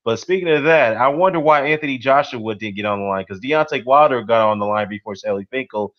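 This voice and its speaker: A man hosts a casual live stream about boxing, filling his talk with "you know" and "man" as he greets the chat. His voice sits at an ordinary middle pitch. The sound is dull and lo-fi. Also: a little fast. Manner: rambling, many "you know" and "man" fillers. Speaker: boxing YouTube host.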